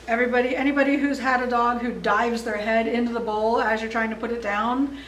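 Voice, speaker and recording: Speaking on the high side, a woman instructor teaches dog training exercises in a relaxed, friendly seminar talk, often chuckling. The audio is roomy from a distant mic, with a little hiss or hum.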